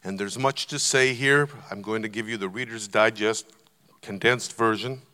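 A man preaching a sermon, telling stories and building to loud, emphatic points. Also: lowish voice, steady tone, moderate pace. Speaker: visiting preacher. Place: church auditorium. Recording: long church hall reverb.

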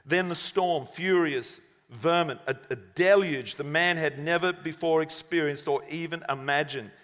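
A man's voice: a little high, measured pace, a bit bright. A male preacher giving a conversational sermon and reading a story aloud. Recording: long hall reverb.

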